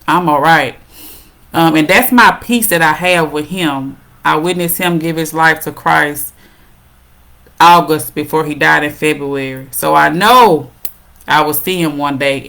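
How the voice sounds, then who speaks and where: Encouraging woman host, lowish voice. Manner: warm encouraging, addresses viewers as "y'all". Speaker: host of a parenting talk show. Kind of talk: casual heartfelt talk to viewers.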